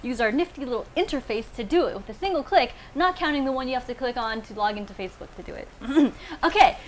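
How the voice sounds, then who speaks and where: A young woman hosting a live panel webcast from a studio, reeling off quick, jokey introductions and laughing often. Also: fairly high pitch, lively intonation, a little hiss or hum. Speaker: show host.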